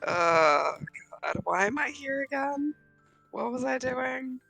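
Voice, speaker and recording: Sardonic gravelly-voiced woman. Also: high-pitched, lively intonation, slow pace, sharp tone, dry recording, faint music behind, poor audio. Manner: sardonic, exasperated. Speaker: co-streamer friend. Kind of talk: casual livestream chat.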